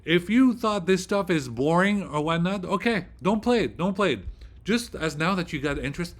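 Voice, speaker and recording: Excitable ranting male vlog host. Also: sits high, normal speed. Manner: excitable, profane and rambling. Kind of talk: casual vlog rant.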